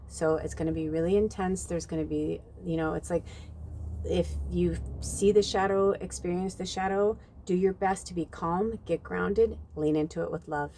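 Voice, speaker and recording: A woman's voice: lowish voice, steady tone, normal speed, mellow, a little hiss or hum. A woman giving a casual channeled spiritual reading, chatty and rambling with many fillers, talking outdoors at night. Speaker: tarot reader.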